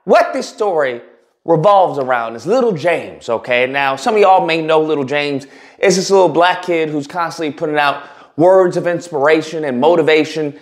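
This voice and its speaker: A man's voice: on the high side, normal speed. A man giving blunt, provocative opinion commentary on a video, talking in a mocking and emphatic way. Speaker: commentary YouTuber.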